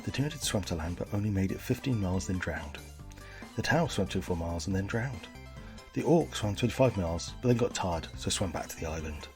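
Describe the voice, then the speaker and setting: A man hosting a comedic podcast, delivering jokes and history in a mock-earnest, deadpan way. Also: low voice, a little fast, over loud music. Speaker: podcast host.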